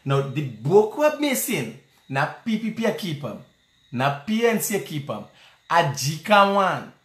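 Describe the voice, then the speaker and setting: A man's voice: fairly high pitch, sing-song, a little slow, echoey room. A man speaking Guyanese Creole, joking and rambling in casual political commentary, addressing the listener directly.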